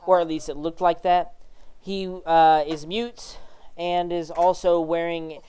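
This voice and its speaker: A game master narrating a tabletop role-playing session. The voice is smooth and clear at a middle pitch, and the delivery is casual and full of fillers. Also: flat delivery, unhurried, dark tone, rough recording. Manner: casual, many fillers and restarts while describing scenes.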